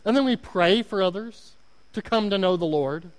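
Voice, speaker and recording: A man with an Oklahoma accent preaches a sermon in a high, bright-toned voice. He is earnest and self-deprecating and repeats words as he presses a point. His voice rings with the long reverb of a church hall. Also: normal speed. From Oklahoma, United States. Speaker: guest preacher.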